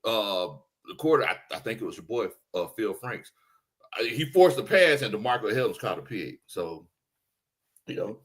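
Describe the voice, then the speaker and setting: A man hosts a casual sports talk show in a laid-back, animated way. His voice is bright and his pitch moves freely, and he leans on the same catchphrases. He keeps the chat loose and friendly. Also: normal speed.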